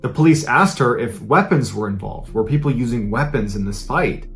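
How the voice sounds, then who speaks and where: Male podcast host, relaxed conversational true-crime narration, mid-range voice, soft music bed. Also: mid-range voice, normal speed, creaky. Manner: conversational, casual retelling.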